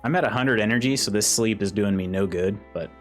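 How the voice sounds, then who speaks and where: A man streaming a video game who laughs often, exclaims loudly and reads out viewers' chat messages. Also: fairly low pitch, brisk, faint music behind. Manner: giggly, exclaiming, reading chat aloud. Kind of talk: casual live-stream commentary.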